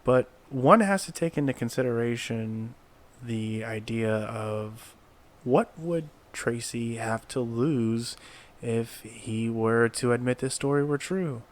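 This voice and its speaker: A man narrates a commentary video at an unhurried, deliberate pace. His voice sits in an ordinary middle pitch, and he lays out his points with care. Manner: measured, deliberate.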